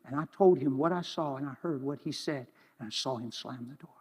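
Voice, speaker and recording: Animated preacher in a reverberant church. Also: male voice, mid-range voice, brisk, breathy edge. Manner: animated, swings from loud exclamations to hushed near-whispers. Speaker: pastor. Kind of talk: sermon. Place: church hall.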